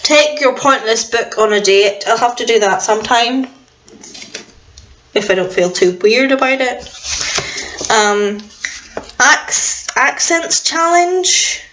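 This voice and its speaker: A woman's voice: on the high side, lively intonation, slow pace, long pauses, fairly bright tone, highs cut off, a little hiss or hum. A young woman vlogging at home in casual, rambling chat, a little self-deprecating about what she can't do. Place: at home indoors.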